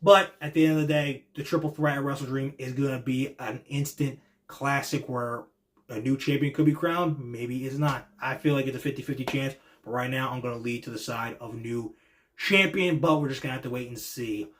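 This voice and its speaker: A young man giving casual wrestling reaction commentary, excitable and slangy, swearing freely and acting out wrestlers' pleas in a much higher voice. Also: brisk.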